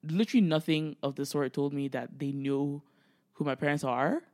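With a deep voice at normal speed, this woman in her twenties from Nigeria co-hosts a laid-back podcast. She tells chatty stories, acting out quotes loudly and laughing a lot. The sound is clean studio audio with no room sound.

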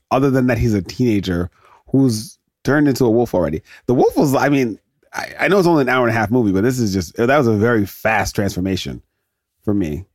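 A man's voice: on the low side, darkish tone, dry recording, clean studio sound. A man hosting a podcast, giving rambling solo commentary on a movie as he watches. He laughs often and interrupts himself. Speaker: podcast host. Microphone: close podcast mic.

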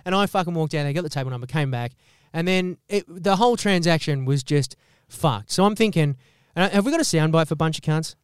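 High-voiced ranting Australian man. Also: a little fast, few pauses, smooth, no room sound, clean studio sound. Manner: animated, swearing heavily. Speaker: podcast host. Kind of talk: profane comedic rant.

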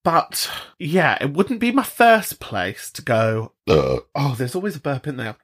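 A British man hosts a podcast in a loose, chatty way, swearing freely. His pitch swings widely as he slips into high mocking voices. The talk is animated and unscripted. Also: a little slow. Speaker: podcast host. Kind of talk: casual chat.

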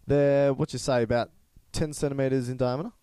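A man's voice: medium pitch, fairly even intonation, a little fast, mellow, smooth, no room sound. A man, co-hosting a casual educational podcast, explaining and teasing playfully. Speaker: podcast co-host.

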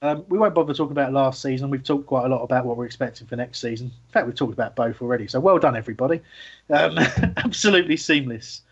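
A man's voice: medium pitch, fast, few pauses, husky, highs cut off. Chatty self-mocking male podcast host. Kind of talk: casual football podcast chat.

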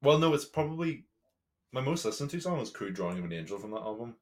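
A man's voice: mid-range voice, very animated, fast talker. A man co-hosting a podcast in casual chat, rambling and hesitant, full of fillers. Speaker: podcast co-host.

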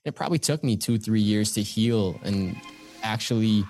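A young man from Canada, a guest speaker, recounting personal experiences in an earnest, measured way. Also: on the low side, a little mellow, soft background music. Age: young adult. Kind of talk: reflective storytelling in conversation.

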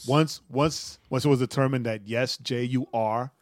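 A man's voice: medium pitch, steady tone, normal speed, no echo, studio quality. A man co-hosting a podcast, laid-back and laughing easily in casual chat. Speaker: podcast co-host.

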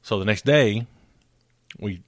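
A man's voice: on the low side, slow, no echo. A man co-hosting a casual chat, joking dryly and rambling through stories. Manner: dry joking, rambling storyteller.

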